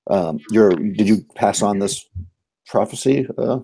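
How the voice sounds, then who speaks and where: A man narrating as game master in a tabletop game, relaxed and rambling with many fillers. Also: on the low side, unhurried, gravelly, slightly rough.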